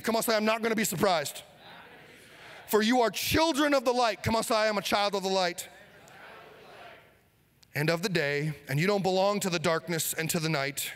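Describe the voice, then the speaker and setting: A male pastor preaching an energetic sermon, leading the congregation in call-and-response. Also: high-pitched, long reverb tail. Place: church sanctuary.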